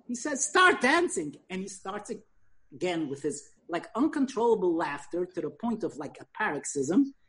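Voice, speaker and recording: An older woman giving a lecture, telling an anecdote in an animated, conversational way. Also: mid-range voice.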